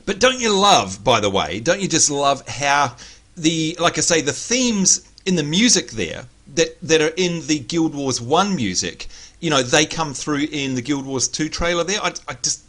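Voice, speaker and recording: An excitable man hosts a casual gaming livestream, calling out viewers by name as he talks. His voice is bright and forceful, pitched slightly high, with a little hoarseness. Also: normal speed. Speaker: livestream host.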